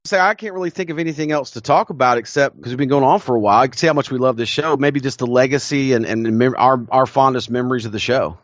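A man's voice: medium pitch, fast, hardly any pauses, no room sound, highs cut off. A man with a Southern American accent, co-hosting a podcast and telling stories with enthusiasm and frequent laughs. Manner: enthusiastic storyteller, laughs often. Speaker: podcast co-host. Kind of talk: casual chat.

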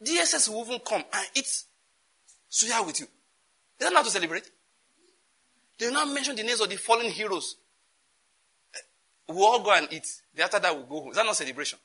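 Nigerian male pastor, sermon delivery, animated and questioning, very forceful and tense tone. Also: high voice, fairly quick, long pauses, breathy edge. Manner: animated, rhetorical questions, laughs often.

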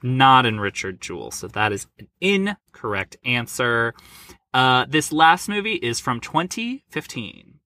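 A man trades movie guesses on a podcast, loose and quick to curse. His voice is bright and forward. The sound is dry and close. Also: mid-range voice, big pitch swings, no room sound. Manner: loose, profane and joking while guessing. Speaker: podcast co-host. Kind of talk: casual movie quiz chat.

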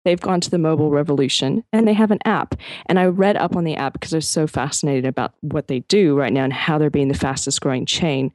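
A woman with a notably deep, low voice co-hosts a podcast, chatting casually. She tells her story with lively energy, lots of "you know"s and "like"s, and the sound is close and dry. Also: fast talker, hardly any pauses, no echo. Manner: animated storyteller, fillers. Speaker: podcast co-host. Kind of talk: casual chat.

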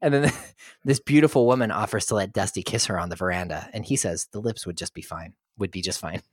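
A man's voice: on the low side, a little fast, no room sound, clean studio sound. A man co-hosting a podcast who casually retells a movie plot and often chuckles as he goes. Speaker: podcast co-host. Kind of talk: casual film recap.

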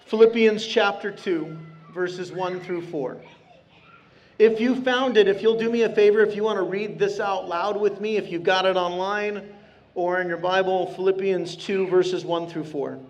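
A man preaching a sermon to his congregation in a church, talking in an earnest, conversational way and slowing down hard on key phrases. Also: high voice, fairly even intonation, highs cut off. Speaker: pastor. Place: church sanctuary.

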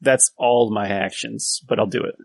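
A man's voice: fairly low pitch, steady tone, moderate pace, gravelly. A man playing in a tabletop game, joking around and laughing a lot in casual chat. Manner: giggly, jokey. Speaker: player.

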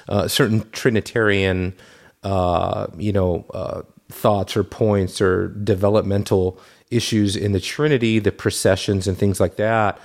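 Male host, low-pitched, thoughtful and hesitant, heavy on fillers. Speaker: podcast host. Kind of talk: casual conversation.

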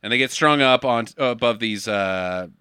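A man's voice: medium pitch, normal speed, pushed and bright, clear, resonant tone, no room sound, clean studio sound. Wry man recapping a movie plot. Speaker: podcast co-host. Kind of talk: casual movie-recap chat.

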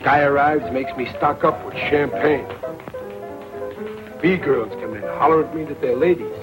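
A man's voice: a little high, natural voice, low-quality recording. A man playing a weary saloon keeper musing. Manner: slow, reflective, droll monologue. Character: world-weary male saloon owner musing aloud. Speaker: bar owner in a film. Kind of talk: 1940s film acting. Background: loud film music.

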